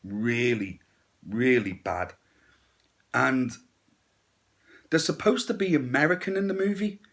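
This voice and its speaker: A man's voice: medium pitch, takes it slowly, creaky, a bit bright. A man giving a casual, blunt and crude horror movie review, with sarcastic asides.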